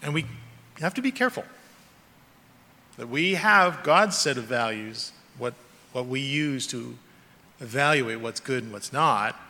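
A man's voice: mid-range voice, expressive, unhurried, pauses often, sharp tone. A man preaching a sermon as a pastor, earnest and emphatic, with rising and falling stress. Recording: long reverb of a large hall.

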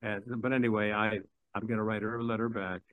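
A man's voice: on the low side, little pitch movement, quick pace, dry recording, narrow, tinny audio. Older man preaching, dry close sound. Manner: conversational, rambling with restarts and chuckles. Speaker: pastor. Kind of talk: sermon.

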